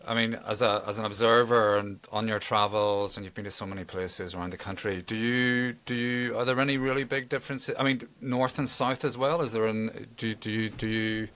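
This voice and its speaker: Man, co-host, low voice, halting and rambling. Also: fairly even intonation, a bit bright. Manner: rambling, halting questions with many restarts. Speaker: podcast co-host. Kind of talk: casual podcast interview.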